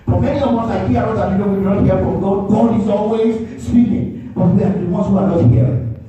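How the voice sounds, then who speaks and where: A man preaches as pastor in a church sanctuary, speaking emphatically, repeating his points and calling for the congregation's response. His high-pitched voice is brisk, with a crowd audible behind him. The distant, dull mic picks up an echoey church hall.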